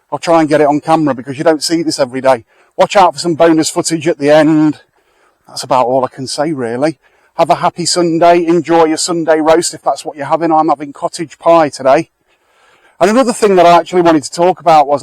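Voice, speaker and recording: A man's voice: a little high, a little mellow, no echo, poor audio. A middle-aged man chatting casually to viewers while walking outdoors, talking into a handheld camera. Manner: chatty, rambling, addresses viewers directly. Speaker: vlogger. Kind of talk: casual walk-and-talk vlog. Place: outdoors in a back lane near a fire.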